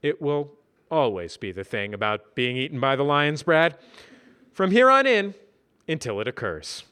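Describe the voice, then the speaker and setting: A man's voice: on the high side, very animated, normal speed, sharp tone, smooth. A man voicing Simon, an earnest young office worker who speaks in a precise, slightly grand way.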